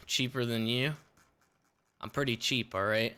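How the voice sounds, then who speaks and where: A man's voice: medium pitch, takes it slowly, clean tone. A man streaming a shooter game, chatting casually with lots of swearing and laughter. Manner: swearing, laughing, excitable outbursts. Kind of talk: casual gaming stream chat.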